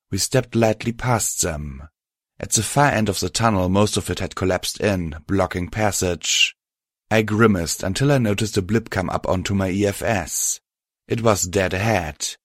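A man narrating a story aloud in a steady, even storytelling manner. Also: deep voice, no echo, studio quality. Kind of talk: scripted audiobook narration.

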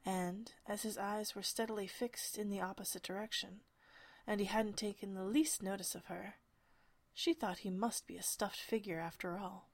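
A woman narrating a storybook in a soft, hushed whispered storytelling style. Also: mid-range voice, fairly even intonation, moderate pace.

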